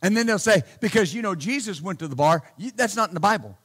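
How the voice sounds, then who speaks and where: High-pitched pastor guy preaching, blunt and loud, keeps saying hallelujah. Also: expressive, fast talker, husky. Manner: shouts key points. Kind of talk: sermon.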